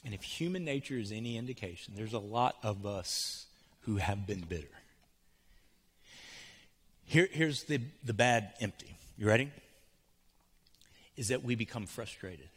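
A man preaching a sermon, swinging from hushed, soft passages to loud, urgent pleading. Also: on the low side, expressive, unhurried, pauses often, slightly rough, long reverb tail. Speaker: pastor. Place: church sanctuary.

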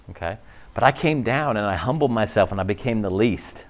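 A man preaching a sermon in a conversational, animated way, often restarting his sentences. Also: medium pitch, brisk. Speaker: pastor.

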